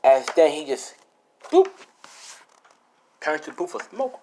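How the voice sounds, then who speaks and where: A man's voice: on the high side, wildly swooping pitch, takes it slowly, a little mellow, slight background noise. A young man improvising a fan-fiction story, rambling and casual, swearing often and full of fillers.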